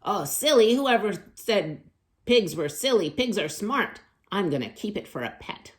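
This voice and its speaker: A woman's voice: very deep voice, big pitch swings, slow, full character voice. A woman voicing a spirited young farm girl in a children's storybook reading, in a plain storybook voice. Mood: triumphant.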